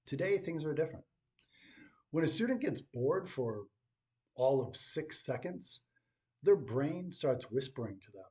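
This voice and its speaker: A middle-aged man delivering scripted commentary in a dry, wry tone. His pitch sits at an ordinary middle level, and he leans on deliberate pauses between phrases. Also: very animated, a little mellow. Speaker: teacher.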